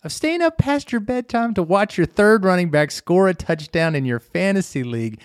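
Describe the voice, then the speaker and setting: Opinionated middle-aged man, lively voice. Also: high-pitched, moderate pace, few pauses, smooth, dry recording, studio quality. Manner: opinionated, rambling, many restarts and hedges. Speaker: podcast co-host. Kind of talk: casual sports chat.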